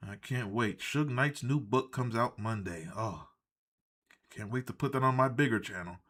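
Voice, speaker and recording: A man's voice: mid-range voice, moderate pace, a bit bright. A man hosting a live stream, rambling in casual commentary, sardonic and laughing at his own jokes.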